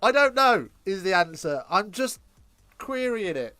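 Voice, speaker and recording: A man with an English accent doing casual live match commentary, trading cheeky, crude banter with chat between excited calls of the play. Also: high voice, unhurried, dry recording, faint music behind. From England.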